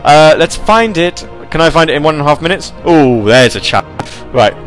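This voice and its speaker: A man hosting a casual live radio show, rambling and animated as he reads chat messages and tells stories. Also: a little high, normal speed, soft background music.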